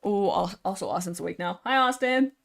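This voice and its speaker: A young woman hosting a casual livestream, rambling excitedly about books and filling her talk with "like". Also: medium pitch, brisk, gravelly. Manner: rambling, excitable, lots of filler likes. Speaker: livestream host. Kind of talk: casual livestream book discussion.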